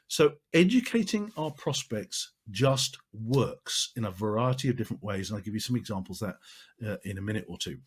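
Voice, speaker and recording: A man's voice: lowish voice, lively intonation, fairly quick, husky. A man giving a marketing training talk, emphatic and repeating phrases for stress.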